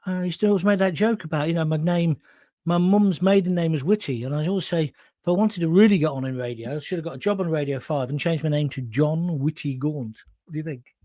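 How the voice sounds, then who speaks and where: A man's voice: on the high side, fairly quick, dark tone, dry recording, clean studio sound. A middle-aged man hosting, telling a rambling story with frequent swearing, restarts and asides. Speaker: host. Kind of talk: casual storytelling monologue.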